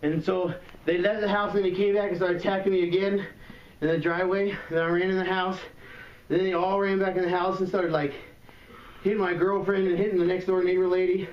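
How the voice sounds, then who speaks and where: Shaken, winded man on a muffled, echoey emergency call recording, heard from a distance, slightly high voice. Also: level tone. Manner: shaken, rambling, halting with fillers. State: out of breath. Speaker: 911 caller.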